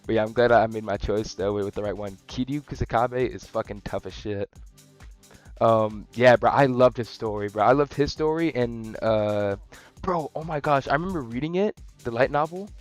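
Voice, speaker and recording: A young man casually rambling through an anime review, slangy, profane and excitable. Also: mid-range voice, normal speed, faint music behind. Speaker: anime vlogger.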